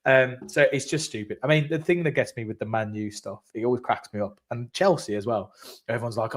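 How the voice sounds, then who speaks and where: A man's voice: medium pitch, expressive, a little fast. A man co-hosting a live post-match fan chat, talking casually and animatedly, with the odd swear. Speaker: fan channel co-host.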